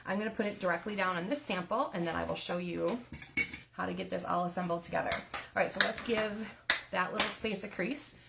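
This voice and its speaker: A woman's voice: fairly low pitch, fairly even intonation, fairly quick, vocal fry, heavy background noise. A woman leading a live card-making tutorial, chatty and step-by-step, sometimes laughing at her own slips.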